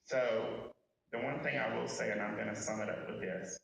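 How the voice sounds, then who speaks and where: A man's voice: mid-range voice, steady tone, normal speed, vocal fry, slight background noise. Folksy man speaking from far off in an echoey room. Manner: folksy and candid, addressing the crowd directly. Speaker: eulogy speaker. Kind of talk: personal eulogy with humorous stories.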